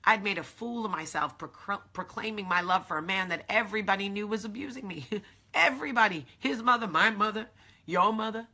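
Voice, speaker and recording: Husky, bright-voiced woman giving pep talk. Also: mid-range voice, brisk. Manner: emphatic, affectionate, repeats key phrases. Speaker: live video host. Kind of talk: motivational coffee talk livestream.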